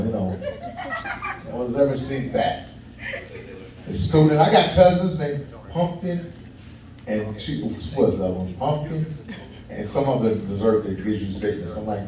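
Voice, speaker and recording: A man's voice: mid-range voice, animated, normal speed, long pauses. A man from Kentucky doing a loose, conversational stand-up set, chatting with the crowd and laughing at his own jokes. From Kentucky, USA. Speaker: stand-up comedian. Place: small comedy venue. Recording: echoey room, mic heard from far.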